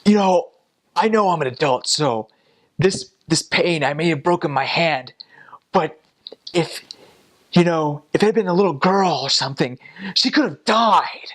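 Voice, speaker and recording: A young man voicing an agitated adult man who is melodramatic about a minor injury, complaining in a high, shrieking voice. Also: steady tone, normal speed, close to an everyday voice.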